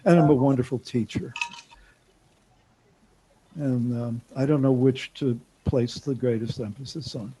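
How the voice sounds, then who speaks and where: A man's voice: medium pitch, steady tone, unhurried, pauses often, dark tone, slightly rough, rough recording. A man from New York with a New York accent, a guest talking in a chatty, reflective, self-deprecating way. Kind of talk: casual chat on a call-in show.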